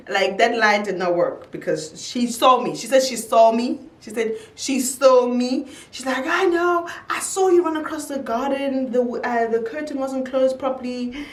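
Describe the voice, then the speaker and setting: A young woman telling a casual storytime, animated, her voice jumping high whenever she quotes someone. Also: far from the mic. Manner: animated storyteller, jumps high when quoting. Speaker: YouTuber. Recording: roomy echo, a little off-mic.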